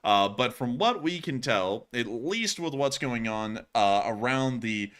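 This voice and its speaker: A young man with a bright, forceful voice hosts a live-streamed news show. He talks loosely and off the cuff, with plenty of filler words and the odd stutter. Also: mid-range voice, expressive, unhurried, clean tone. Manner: stuttering, casual with many fillers.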